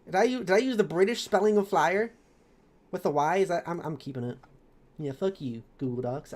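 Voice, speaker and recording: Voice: medium pitch, a little mellow. A streamer reading a story recap of a tabletop campaign, chatty and rambling. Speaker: streamer narrating campaign lore.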